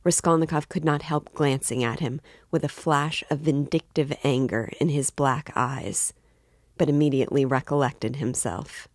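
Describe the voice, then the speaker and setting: A woman reading a classic novel aloud in steady, measured narration. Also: low voice, no room sound, clean studio sound. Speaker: book reader.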